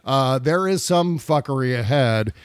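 A man's voice: medium pitch, lively intonation, measured pace, clean tone, dry recording, clean studio sound. A man hosting a political chat podcast from home, wry and profane, laughing often. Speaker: podcast host.

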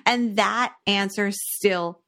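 A young woman co-hosting a podcast in casual chat, talking quickly and emphatically with lots of "like" and "right?". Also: medium pitch, pushed and bright. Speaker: podcast co-host.

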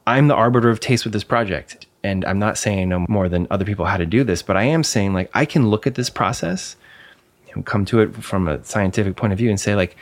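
A man with a notably low, deep voice talks as a guest in easygoing conversation. He is candid and emphatic, drops the odd swear word, and doubles back on words while he works out what to say. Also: a little fast. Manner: repeats words as he searches for phrasing. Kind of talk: casual conversation.

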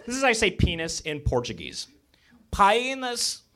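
A man doing live stand-up comedy, with a shouted mock-angry chant, on a club stage. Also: fairly high pitch, wildly swooping pitch, fast talker, slight background noise.

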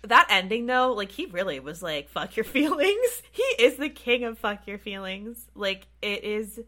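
A woman co-hosting a podcast, chatting casually about films in an animated way, swearing freely and laughing often. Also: medium pitch, moderate pace. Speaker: podcast co-host. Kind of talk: casual film chat.

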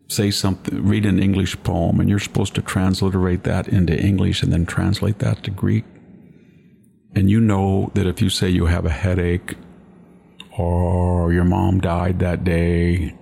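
An older man with a very low, heavily gravelly voice hosts a commentary chat. He lectures emphatically and drifts into long personal anecdotes. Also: darkish tone. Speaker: podcast host.

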